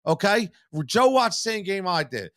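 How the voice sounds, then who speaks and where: A man's voice: sits high, sing-song, normal speed, a bit bright, no echo. A man hosting a live postgame sports reaction stream, fired-up and blunt, swearing freely and repeating his points. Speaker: sports talk host.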